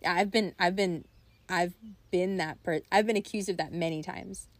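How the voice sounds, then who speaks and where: A young adult woman chatting casually, telling stories in a rambling, animated way full of "like" and laughter. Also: fairly low pitch, moderate pace, no room sound. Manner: rambling, animated storytelling with frequent "like" and bursts of laughter. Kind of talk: casual chat.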